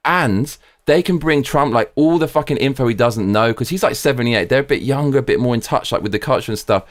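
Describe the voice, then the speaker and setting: A man hosting a live reaction stream, excitable and profane, reading viewer comments aloud. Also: mid-range voice, a little fast, no room sound.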